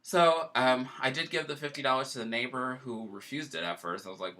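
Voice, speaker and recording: A man hosting a casual chat, telling a story in an animated, emotional way. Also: mid-range voice, fairly quick, hardly any pauses.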